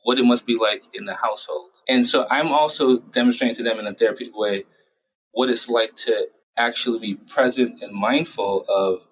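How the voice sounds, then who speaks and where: A man speaking as a child psychiatrist in an interview, explaining his work in a lively way and acting out parents and teens in short quoted asides. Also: medium pitch, low-quality recording. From United States. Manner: animated, acts out parents and patients in quick quoted asides. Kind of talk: conversational interview answers.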